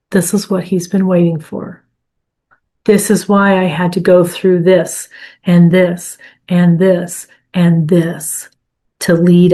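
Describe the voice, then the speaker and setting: A middle-aged woman sharing a personal faith testimony in a reflective, halting way with many fillers. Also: lowish voice, dark tone. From California. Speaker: podcast host sharing her testimony.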